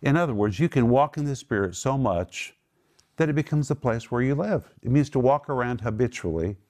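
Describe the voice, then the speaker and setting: A man's voice: medium pitch, lively intonation, darkish tone. Emphatic male Bible teacher. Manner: emphatic, raises voice sharply for quotes; draws out key words slowly.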